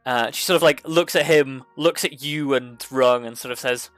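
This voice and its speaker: A man narrating as game master of a tabletop game, halting and full of fillers. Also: mid-range voice, a bit bright, no room sound, soft background music.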